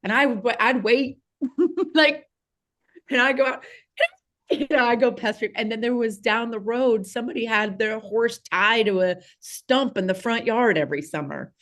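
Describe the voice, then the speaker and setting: A woman, a podcast guest telling a childhood story in a casual, animated way with frequent laughs and fillers. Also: on the high side, unhurried. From Southeast Missouri, USA.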